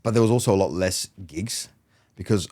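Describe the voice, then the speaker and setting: Deep-voiced man telling stories. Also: brisk. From Australia. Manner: animated storyteller who acts out dialogue. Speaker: guest mentalist. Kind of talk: casual podcast conversation.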